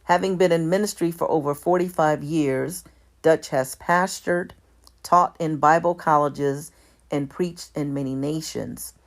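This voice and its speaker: A woman commentator with a low voice reads aloud slowly, speaking formatting marks such as "all caps" and "lowercase." Her delivery is measured and deliberate, with small self-corrections.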